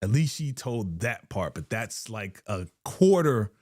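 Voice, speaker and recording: Animated man hosting a reaction stream. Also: on the low side, measured pace, dry recording, clean studio sound. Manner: animated, slangy, repeats phrases, frequent sighs. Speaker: live-stream reaction host. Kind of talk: casual live reaction chat.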